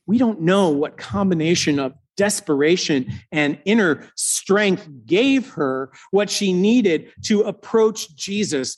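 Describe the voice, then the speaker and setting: A male preacher retelling a scripture story as a slow, dramatic sermon with long pauses. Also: high voice.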